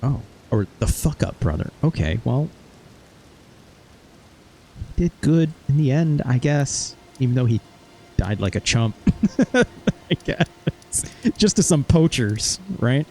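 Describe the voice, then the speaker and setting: A man's voice: medium pitch, sing-song, slow, pauses often, darkish tone, breathy edge. A man hosting a gaming video, recapping his playthrough in rambling, casual commentary and swearing offhandedly. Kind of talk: casual let's-play commentary.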